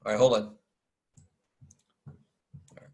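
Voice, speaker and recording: Teaching statistics in a casual online lecture via video call mic, a male math instructor speaks slowly in a slightly mellow voice. He's informal and self-deprecating, with muttered asides and mild curses.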